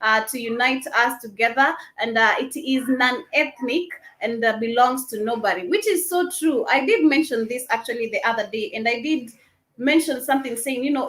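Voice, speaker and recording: A woman's voice: high-pitched, fairly bright tone. Rambling woman host, echoey room. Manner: rambling, full of "uh" and "you know". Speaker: podcast host. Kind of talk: casual commentary.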